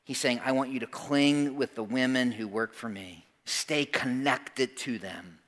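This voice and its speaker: A man preaching a sermon, retelling a Bible story with animated asides and dropping to a soft hush for tender moments. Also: mid-range voice, a little slow. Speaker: pastor.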